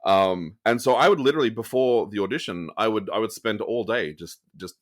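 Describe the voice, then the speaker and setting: An Australian man, an actor guesting on an interview show, talking in an upbeat, animated way with plenty of fillers. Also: lowish voice, fairly quick, dry recording, studio quality. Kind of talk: casual interview over a video call.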